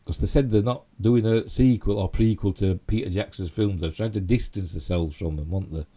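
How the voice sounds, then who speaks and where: A man's voice: fairly low pitch, brisk, dark tone. A man with a Yorkshire accent hosting a casual live stream, rambling through geek news with lots of "you know" and tag questions. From Yorkshire, England.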